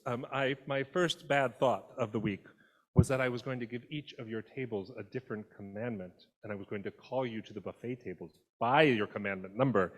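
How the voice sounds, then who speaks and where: Male pastor, sermon delivery, conversational and expressive, mid-pitched voice, long church reverb. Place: church sanctuary.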